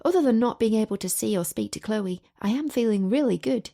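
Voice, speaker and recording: A woman's voice: a little high, expressive, brisk, vocal fry, mellow. A woman reading a romance audiobook in the first person, in a chatty, confiding manner. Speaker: audiobook narrator.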